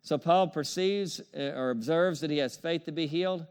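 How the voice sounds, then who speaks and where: High-pitched male preacher, call-and-response. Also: moderate pace, smooth. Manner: emphatic, repetitive call-and-response preaching with chuckles. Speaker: pastor. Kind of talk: sermon.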